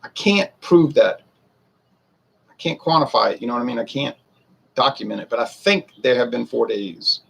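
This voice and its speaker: A man's voice: mid-range voice, normal speed, gravelly, fairly bright tone, husky. A man in his forties who reviews whiskey, rambling and a bit defensive as he talks straight to his viewers. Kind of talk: casual talk to camera.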